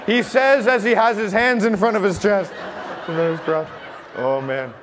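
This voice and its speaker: A man with a Canadian accent and a voice that sits high performs a comedy magic act at normal speed, teasing the audience with playful crowd work. He's in a large hotel conference hall, and the live recording has long reverb and faint room noise.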